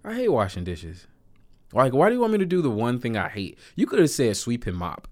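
A man's voice: mid-range voice, a little fast, no echo, studio quality. A man casually telling a personal story with jokes, often breaking into laughter. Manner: animated, joking, laughs between lines.

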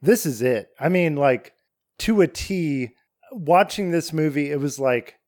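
A man with a somewhat high voice chats casually on a podcast, enthusiastic and swearing without a thought. The sound is dry and close, with no room echo. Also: lively intonation, unhurried, darkish tone. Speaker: podcast co-host. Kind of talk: casual chat.

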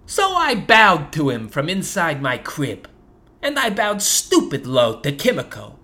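A woman narrating a first-person comic story as a gangster baby, in deadpan tough-guy mobster talk. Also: sits low, a little slow. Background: soft harp jazz music.

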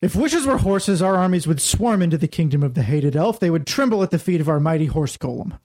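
A man voicing an uptight male military general who speaks in a slow, clipped, commanding way. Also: fairly high pitch, animated, darkish tone. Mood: stern.

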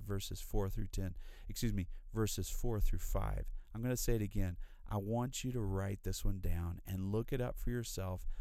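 Gravelly, low-voiced male preacher. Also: warm tone, no echo. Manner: earnest, emphatic repetition. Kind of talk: sermon.

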